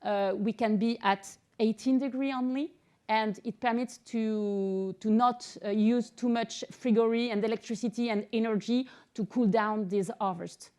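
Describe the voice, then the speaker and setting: A French-speaking woman, an agronomist on a panel, explaining things in halting English with many fillers. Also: a little high, fairly even intonation, dark tone. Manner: halting, searching for English words. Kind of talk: panel talk.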